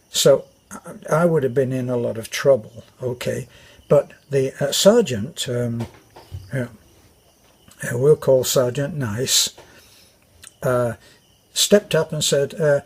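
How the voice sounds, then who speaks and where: A man's voice: medium pitch, a little slow, slightly rough. An older British man with a British accent telling a meandering army story with many fillers and restarts. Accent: British English. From Britain. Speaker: vlogger. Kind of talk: rambling anecdote.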